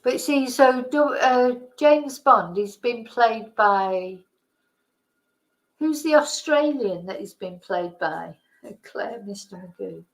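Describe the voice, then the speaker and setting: A woman's voice: fairly high pitch, animated, slow, rough recording. A woman hosting a casual live-stream quiz, chatting, laughing and thinking aloud as she reads the questions. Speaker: host.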